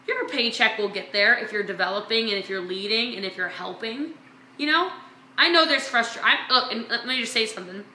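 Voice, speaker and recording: A woman business coach and vlog host giving an energetic, emphatic motivational talk to her sales team, repeating phrases for effect. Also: fairly high pitch, roomy sound.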